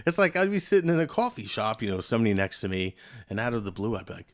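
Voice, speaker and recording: A man's voice: lowish voice, fast. A man co-hosting a podcast, ranting in a casual comedic way and slipping into mocking voices. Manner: animated, slips into mocking put-on voices. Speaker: podcast co-host.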